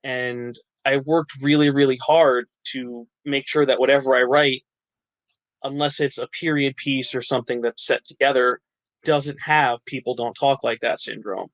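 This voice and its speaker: A man's voice: medium pitch, fairly even intonation, normal speed, fairly bright tone, no room sound, poor audio. A man from New Jersey, an actor and writer, chatting as a podcast guest, laughing often and restarting his sentences. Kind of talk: casual interview chat.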